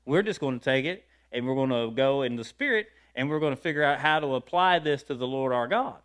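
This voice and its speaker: A man preaching a sermon, talking to his congregation, asking them questions and breaking into loud shouts of praise. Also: mid-range voice, animated, brisk.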